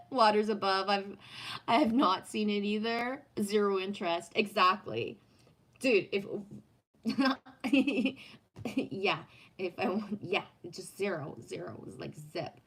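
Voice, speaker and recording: A woman's voice: mid-range voice, animated, slow, rough recording. A woman in her fifties chatting casually on a live stream, swearing freely, laughing often and reading viewer comments aloud. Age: 50s. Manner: profane, laughs often, reads chat aloud.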